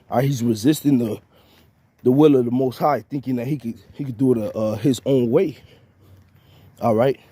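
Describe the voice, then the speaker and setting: Mellow, husky-voiced man preaching informally. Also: mid-range voice, no echo. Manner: halting, repeats words, tags lines with "man". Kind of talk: informal spiritual rant.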